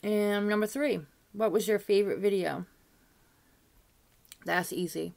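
An older woman talks straight to her viewers in a relaxed beauty-vlog chat. Her voice sits in an ordinary middle range, and she drifts from point to point with easy asides and little laughs. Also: mid-range voice, measured pace, vocal fry. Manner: chatty and rambling, with frequent "you know" asides and light laughs. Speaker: beauty vlogger. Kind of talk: casual chat to camera.

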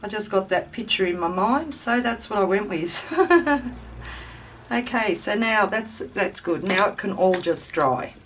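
A woman chats through her craft project, thinking aloud and poking gentle fun at herself. She talks at a slow, unhurried pace. The mic sits a little away from her, with a faint hum of a ceiling fan behind. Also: medium pitch, animated, far from the mic. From Australia. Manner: chatty, self-deprecating, thinks aloud. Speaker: craft video host. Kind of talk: casual chat while crafting. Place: home craft room with ceiling fan running.

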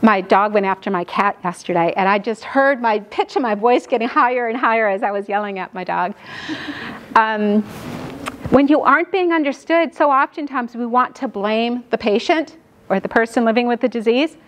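A middle-aged woman gives a classroom lecture on caregiving. Her voice sits a little high for a woman. She talks quickly and keeps tagging her points with "right?" to pull the room along. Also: expressive, a little hiss or hum. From New York. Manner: fast-talking, frequent "right?" checks with the audience. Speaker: lecturer on dementia care.

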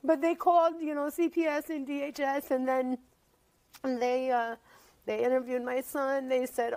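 High, gravelly-voiced emotional woman. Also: little pitch movement, normal speed, darkish tone, low-quality recording. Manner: emotional, rambling, repeats herself. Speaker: guest. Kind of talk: emotional talk show testimony.

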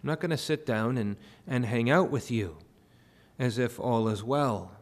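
A man's voice: mid-range voice, unhurried. A male pastor preaching a sermon in a church. He works verse by verse through a Bible passage and rises to impassioned pleading. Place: church sanctuary.

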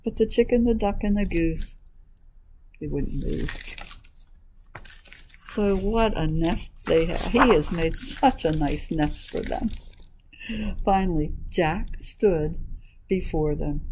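Slow-reading librarian woman. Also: lowish voice, a little hiss or hum, low-quality recording. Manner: animated, asks the listeners questions. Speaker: children's librarian. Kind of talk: reading a picture book to children.

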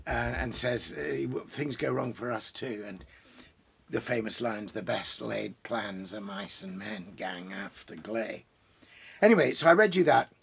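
A man's voice: medium pitch, gravelly, breathy edge. A man, a poet, chatting casually in his home study lined with books, rambling through digressions and restarts as he introduces poems. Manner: pausing for pipe and drinks while talking. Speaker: poet hosting a reading.

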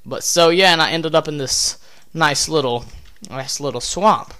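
A man's voice: fairly high pitch, measured pace, bright, forceful tone. A man giving casual let's-play commentary, rambling and interrupting himself, with offhand swearing as he talks to himself. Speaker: gameplay commentator.

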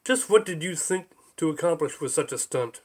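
A man's voice: fairly high pitch, animated, moderate pace, darkish tone, slightly rough. A man voicing a stern, proud old bearded bridgekeeper in an audiobook, with a clipped, commanding delivery.

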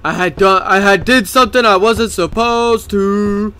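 A man's voice: sits high, steady tone, unhurried, pushed and bright, faint music behind. A young man commentating a horror game, jumpy and swearing, often panicking. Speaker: gaming YouTuber.

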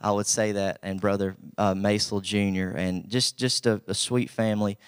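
A young male preacher with an Appalachian accent and a low voice, recorded dry and close. He talks in a folksy, humble way before rising into emphatic bursts. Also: level tone, normal speed, smooth, dry recording. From Southwest Virginia. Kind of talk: sermon.

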